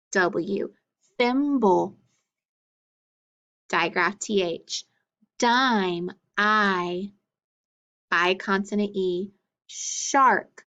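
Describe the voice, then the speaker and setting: Lady teacher going super slow thru phonics sounds, lots of very good, kinda muffled recording. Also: mid-range voice, a bit bright. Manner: slow, clearly sounding out letters and blends; encouraging, with frequent praise. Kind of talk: phonics drill lesson.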